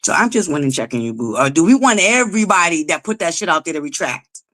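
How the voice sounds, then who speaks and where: A woman's voice: lowish voice, expressive, fast talker, fairly bright tone. A woman hosting a live stream, chatty and swearing freely as she talks to her viewers. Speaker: livestream host. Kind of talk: casual live-stream chat.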